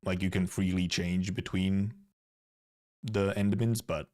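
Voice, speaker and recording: A man's voice: low-pitched, fairly even intonation, a little slow, warm tone. Rambling Finnish man streaming. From Finland. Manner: rambling, repeats and restarts words. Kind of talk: casual live-stream commentary.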